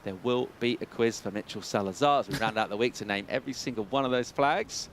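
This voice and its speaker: A man's voice: mid-range voice, fast, a little hiss or hum. Upbeat man calling live surf action. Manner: upbeat, chatty, joking. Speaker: play-by-play surf commentator. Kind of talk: live sports commentary.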